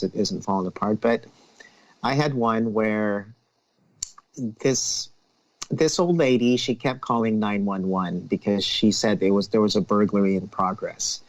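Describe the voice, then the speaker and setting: A police officer man with a low voice, telling a story in a steady, unhurried podcast chat. His audio comes through dull and lo-fi, lacking clarity at the top end.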